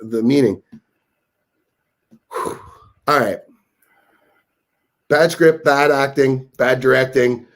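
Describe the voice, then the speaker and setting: A man co-hosting a casual movie review chat, joking and laughing often. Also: medium pitch. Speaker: host.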